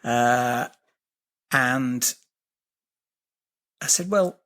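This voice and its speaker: Speaking very slowly in a medium-pitched, fairly bright tone, a middle-aged male guest tells a long story in an interview. He is a geobiologist and healer, and his telling is hesitant and meandering, packed with fillers and restarts.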